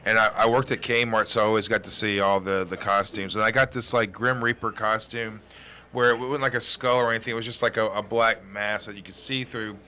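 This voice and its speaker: A middle-aged man hosting a late-night comedy talk show, telling stories in a lively way and laughing through them. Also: fairly low pitch, brisk, slight background noise. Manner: animated storyteller who laughs through his own tales. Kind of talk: casual chat.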